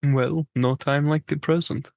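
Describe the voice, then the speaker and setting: A man's voice: a little high, fairly even intonation, measured pace, creaky, darkish tone, no room sound. A man voicing a grim, boastful male gladiator in a solemn, grandiose tone.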